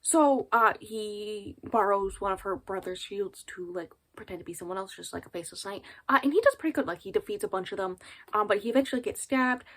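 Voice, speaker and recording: A woman's voice: mid-range voice, brisk. A woman in her twenties chatting casually in a book vlog, rambling with many fillers and little laughs, recorded at home into a camera in front of her. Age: 20s. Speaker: book vlogger. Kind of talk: casual chat.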